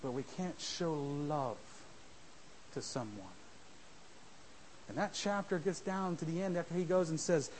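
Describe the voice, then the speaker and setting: A man preaching a sermon in church, rising to shouts and dropping to a hush, mimicking his listeners. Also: a little high, measured pace, pauses often, a little hiss or hum, rough recording. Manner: swings from shouting to soft, mimics church members. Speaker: visiting preacher.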